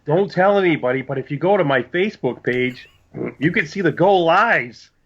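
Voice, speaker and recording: A man's voice: on the high side, normal speed. A man on a podcast who tells a story in casual chat and acts out what people said. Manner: animated storyteller, acts out quotes. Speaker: podcast co-host. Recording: dull lo-fi sound.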